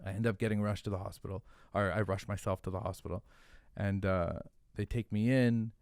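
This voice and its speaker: Male podcast guest, low register, animated profane storyteller, dry close mic. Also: brisk, creaky, no echo. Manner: animated, profane, filler-heavy, "like" every few words. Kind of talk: casual storytelling.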